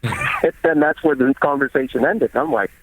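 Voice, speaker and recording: A man in his thirties tells his story in a relaxed, candid way, with plenty of swearing thrown in. His voice sits a little higher than most men's. He gets animated when he retells what other people said. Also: normal speed, noisy background. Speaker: guest bodybuilder. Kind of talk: casual storytelling interview.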